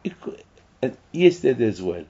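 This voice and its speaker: Rabbi giving a sermon, husky rough voice, keeps restarting, muffled old recording. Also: male voice, mid-range voice, sing-song, moderate pace, warm tone. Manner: emphatic, repetitive preaching with restarts. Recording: dull lo-fi recording.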